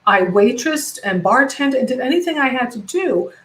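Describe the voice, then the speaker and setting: On a casual video call, a middle-aged American woman, the comedian guest, rambles passionately and keeps correcting herself. She speaks at a normal speed in a high, expressive, fairly bright voice, though the audio quality is poor.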